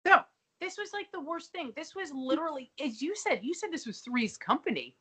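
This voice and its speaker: A woman co-hosting a podcast, animated and blunt in casual chat, swearing and quoting scenes in mocking voices. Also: high-pitched, fairly quick. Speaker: podcast co-host. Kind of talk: casual chat recapping a TV episode.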